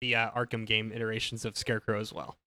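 Podcast guy with a bright crisp voice, super dry sound, eager and rambly. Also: on the low side, level tone, fast, no echo. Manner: enthusiastic, explains his pick with many restarts. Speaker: podcast co-host. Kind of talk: casual chat.

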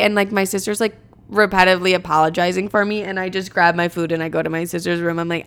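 Smooth-voiced young woman telling a story. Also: medium pitch, a little fast. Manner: animated, swearing, self-mocking. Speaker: vlogger. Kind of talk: casual storytime monologue.

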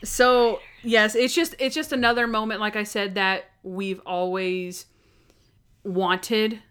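A young woman co-hosts a casual podcast, with a smooth, resonant voice. She talks eagerly and often slips into little voices for the characters she describes. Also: mid-range voice, steady tone, a bit bright. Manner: gushing, quick to act out dialogue in character voices. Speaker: podcast co-host. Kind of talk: casual chat reviewing a TV episode.

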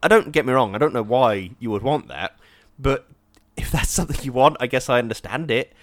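A man, chatting casually on a podcast, animated and acting out quoted voices as he talks. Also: mid-range voice, a little fast, no echo. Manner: animated, acts out quoted voices, frequent "do you know what I mean". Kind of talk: casual chat.

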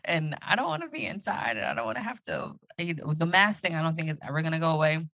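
A woman's voice: sits low, fast, dry recording, lo-fi sound. A woman hosting a podcast alone, chatting casually and reflectively as she encourages her listeners. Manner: acts out her own excited inner voice. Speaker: podcast host. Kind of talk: casual solo podcast talk.

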